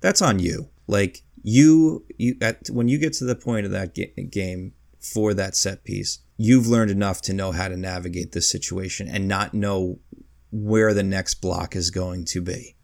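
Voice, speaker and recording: Gravelly low-voiced man in casual podcast chat. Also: measured pace, darkish tone, dry recording, studio quality. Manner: rambling, reels off long lists, chuckles mid-sentence. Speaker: podcast co-host. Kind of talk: casual podcast chat about video games.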